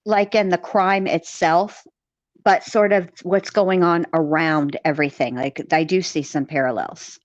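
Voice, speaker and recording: A woman's voice: lowish voice, steady tone, unhurried, dry recording. Rambling woman chatting on a dull line. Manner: rambling, conversational, lots of fillers and restarts. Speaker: co-host discussing a criminal case. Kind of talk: casual chat.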